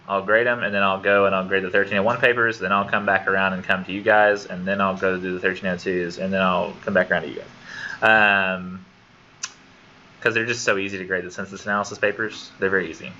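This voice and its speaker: A man's voice: on the low side, flat delivery, a little fast, pushed and bright, dull audio, a little hiss or hum. A man teaching a college literature class in a casual, rambling, self-deprecating way, in a classroom on a camera mic. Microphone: classroom computer camera for remote students.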